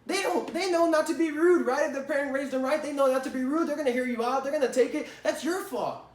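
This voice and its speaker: High-voiced man teaching sales, roomy echo. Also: fast. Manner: conversational, repeats phrases, many "right?" tags. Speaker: sales trainer. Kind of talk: casual spoken lesson. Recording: roomy echo, distant from the mic.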